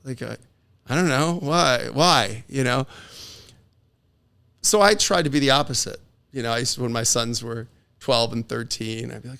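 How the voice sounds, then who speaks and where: A man's voice: mid-range voice, normal speed, gravelly, pauses often, smooth. A middle-aged man, a divorce attorney, chatting as a podcast guest and telling stories animatedly while acting out the voices of people he quotes. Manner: animated storyteller who acts out quoted voices. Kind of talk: casual conversation.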